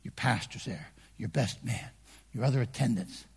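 A man preaching a sermon in a conversational way, dropping to hushed asides and rising to shouted emphasis. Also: medium pitch, normal speed, gravelly, slightly rough, big-room sound. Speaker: pastor.

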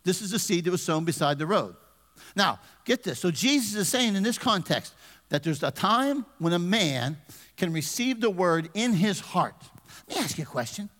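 Pastor guy with a high voice, chatty sermon, long church reverb. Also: very animated, normal speed, fairly bright tone. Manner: conversational, humorous, asks the congregation questions. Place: church sanctuary.

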